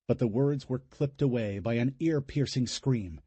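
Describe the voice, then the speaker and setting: Husky man reading dramatic horror. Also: mid-range voice, normal speed, hardly any pauses, mellow, dry recording. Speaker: audiobook narrator. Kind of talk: scripted horror narration.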